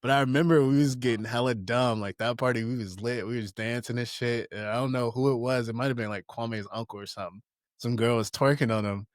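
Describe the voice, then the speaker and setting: Young guy on a podcast telling wild party stories, jumps into squeaky impressions, dry close mic. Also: fast talker, no echo. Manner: animated storyteller, jumps into high-pitched impressions of friends. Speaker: podcast co-host. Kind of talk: casual storytelling chat.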